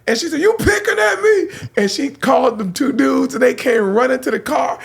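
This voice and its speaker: A middle-aged man from San Francisco, a radio host telling lively stories, acting out voices and laughing often. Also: very high voice, a little fast, gravelly, slightly rough. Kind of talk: animated storytelling.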